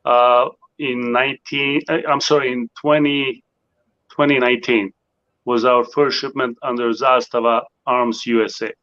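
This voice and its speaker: Polite, bright-toned guest on dull audio. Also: male voice, mid-range voice, little pitch movement, no echo. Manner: polite, measured, formal phrasing. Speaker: guest, company owner. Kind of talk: interview answers.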